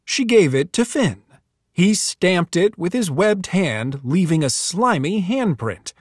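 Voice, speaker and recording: A man reads a children's storybook aloud, his voice swooping widely in pitch. He takes his time over every line. The sound is close and dry, with no room echo. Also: slow pace, husky. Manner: very expressive, swooping reading voice.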